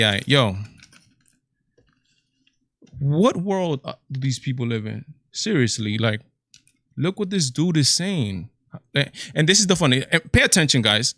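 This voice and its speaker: A man's voice: a little high, a bit bright, no room sound, studio quality. A man hosting a reaction commentary video, talking in incredulous bursts with repeated exclamations. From Latin America.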